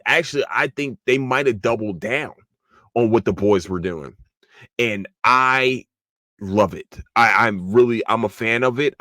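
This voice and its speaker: A man hosting a solo podcast, ranting in a profane, animated way and swearing freely. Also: no room sound, clean studio sound. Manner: profane, animated, mocking high-pitched impressions. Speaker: podcast host.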